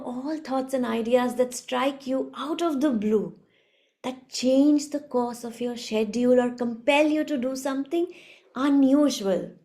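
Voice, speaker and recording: A woman giving a reflective spiritual talk as a teacher, soft-spoken and unhurried. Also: high-pitched.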